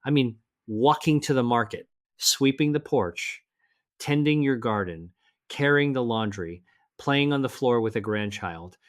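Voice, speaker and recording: An older man narrating a health advice video in an earnest, measured way, slowing down to stress single words. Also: medium pitch. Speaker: health presenter. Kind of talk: scripted narration.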